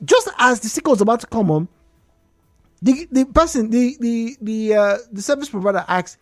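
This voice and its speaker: On her radio talk show, a Nigerian-accented woman with a slightly high voice speaks at normal speed and animatedly recounts a story, going back over points for emphasis. The studio sound is clean and echo-free, with faint music behind her.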